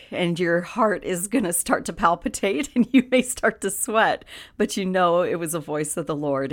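A woman hosting a devotional podcast, earnest and encouraging, with frequent laughs. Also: lowish voice. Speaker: podcast host giving a devotional.

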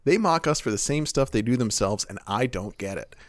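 A man's voice: mid-range voice, lively intonation, brisk, no room sound, clean studio sound. An American man co-hosting a podcast, reading posts aloud and joking with ironic humor and frequent laughter. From United States. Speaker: podcast co-host.

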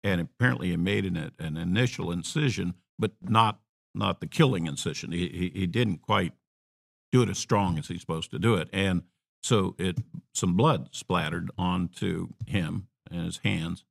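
A man preaching a sermon, telling a story with emphatic rises and quiet, conversational asides. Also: deep voice, normal speed, creaky.

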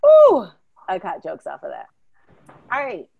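A woman hosting a podcast, chatting casually with a giggly, animated way of telling stories. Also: on the low side, moderate pace, gravelly, slightly rough, narrow, tinny audio. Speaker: podcast host. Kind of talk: casual chat.

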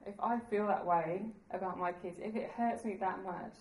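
A woman's voice: mid-range voice, normal speed, a little mellow, reverberant, poor audio. A woman preaching a sermon in an earnest, conversational way, laughing at herself now and then.

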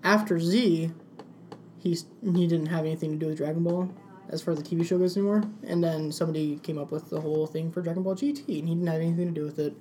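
A man's voice: on the high side, steady tone, fast talker, a little mellow. A man in a casual chat, laughing often as he explains things to his friends.

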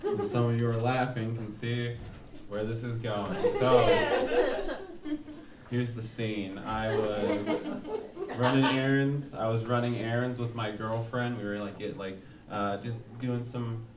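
A man performs live stand-up, spinning a rambling, crude, self-mocking story. His voice sits in an echoey room and comes from a distance. Loud noise runs under the recording. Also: mid-range voice, fairly even intonation, a little slow. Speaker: stand-up comedian. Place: live comedy show before an audience. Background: audience laughter.

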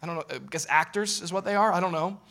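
Man preaching, fairly high voice, lively storyteller, casual and joking, acts out characters. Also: fast talker. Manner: animated storytelling, acting out quotes in a casual, joking tone. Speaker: pastor. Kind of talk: sermon.

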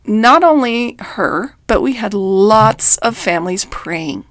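A middle-aged woman speaks as a coach, earnest and emphatic in a faith-based reflective talk. Her pitch sits in an ordinary middle range. The recording is dry and close. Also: expressive, slow, a bit bright, no room sound. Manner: earnest, emphatic, with quoted voices. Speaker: life coach.

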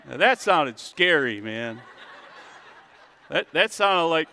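A male pastor giving a jokey, animated sermon in a church, acting out the story as he goes. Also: on the high side, gravelly, long reverb tail, a little hiss or hum.

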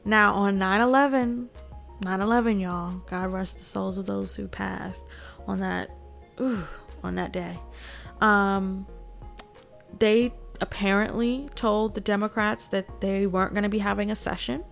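A woman's voice: mid-range voice, steady tone, a little slow, gravelly, faint music behind. A woman giving casual, indignant political commentary straight to her viewers. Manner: indignant, addresses viewers directly, laughs between points.

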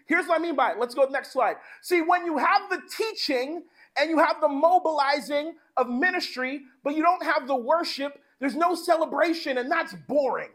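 A man pastor delivering a sermon in an animated, conversational way, mixing in slang. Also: very high-pitched, moderate pace, hardly any pauses.

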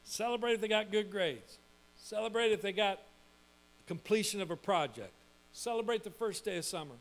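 A middle-aged man preaching a sermon as pastor, lively and emphatic, building points through repetition. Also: high voice, normal speed.

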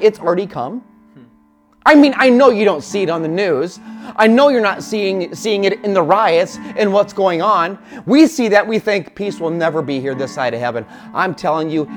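Impassioned preacher man over soft guitar. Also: high-pitched, animated, moderate pace. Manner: impassioned, builds to near-shouting. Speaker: pastor. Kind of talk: sermon.

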